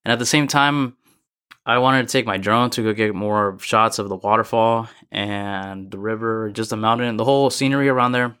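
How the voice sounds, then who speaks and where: A man's voice: on the low side, fairly even intonation, moderate pace, sharp tone, clear, resonant tone. A young man hosting his own casual podcast, a little out of breath, telling a story in a rambling way with frequent restarts. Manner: rambling and self-correcting storytelling. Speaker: podcast host. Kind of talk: casual solo motivational podcast talk.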